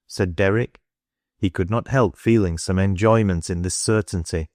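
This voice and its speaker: A man narrating a classic novel as an audiobook, in a steady, unhurried storytelling manner. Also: low-pitched, no room sound, clean studio sound. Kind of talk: scripted narration.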